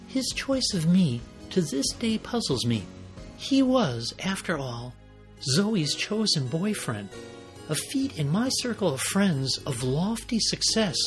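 Slow, animated male storyteller. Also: sits high. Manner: slow, dramatic reading with dry asides. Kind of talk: scripted story reading.

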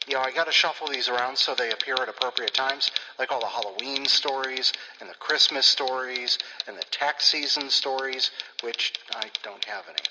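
A man's voice: medium pitch, moderate pace, creaky, hardly any pauses, long reverb tail, very noisy. A man hosting a podcast, chatting casually in a playful, rambling, self-mocking way. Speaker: podcast host.

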